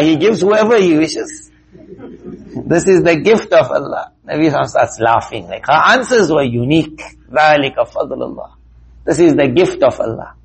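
A man giving a religious lesson, telling stories slowly and deliberately and acting out the quoted speech of the people in them. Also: a little high, husky, poor audio. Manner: slow, deliberate, acts out quoted speech in a lively way. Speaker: Islamic teacher. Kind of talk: religious talk with storytelling.

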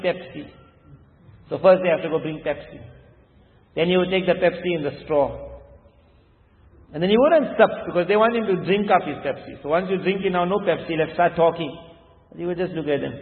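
An Islamic preacher, a man, tells a story in an emphatic, repetitive sermon style, his slightly high voice jumping up to hammer points home. He is heard through a thin, phone-like recording, and the sound rings on in a large, reverberant hall.

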